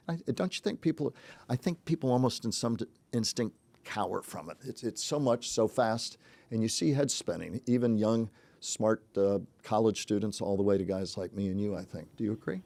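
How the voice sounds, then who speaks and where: A man's voice: lowish voice, animated, moderate pace, vocal fry, dark tone, no echo. An older man hosting a casual podcast chat, reflective and chuckling, with many restarts. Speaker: podcast host, journalism teacher.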